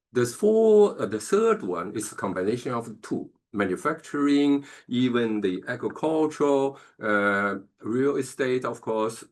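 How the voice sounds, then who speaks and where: Man, professor, masterclass lecture, lowish voice, halting, lots of fillers, keeps asking "okay?". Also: fairly bright tone. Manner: halting, many fillers and restarts, checks in with "okay?". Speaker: professor leading a business masterclass.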